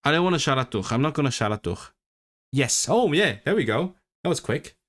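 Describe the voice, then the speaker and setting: A young man talks casually to his livestream viewers, rambling and stopping to correct himself. Now and then he slows right down to read practice lines aloud with care. His voice sits at a medium pitch. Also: very animated, fairly bright tone. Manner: rambling, self-correcting, chatty; reads practice sentences aloud slowly. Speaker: livestream host.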